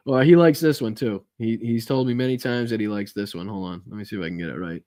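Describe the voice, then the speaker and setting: A man's voice: fairly low pitch, fast, hardly any pauses, warm tone. A man hosting a political podcast live from home, chatting loosely, swearing and thanking viewers. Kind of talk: casual live-stream chat.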